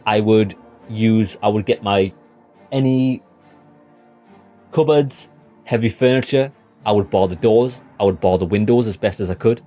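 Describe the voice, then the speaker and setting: A young British man streams a game and chats casually and bluntly with his live chat, rambling and swearing freely. His voice is fairly low-pitched and mellow.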